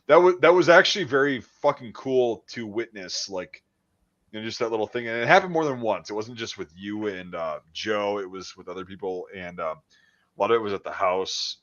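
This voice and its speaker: A man casually chatting as a podcast host, swearing often and trailing off into quiet mumbles. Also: lowish voice, animated, brisk, lo-fi sound. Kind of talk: casual chat.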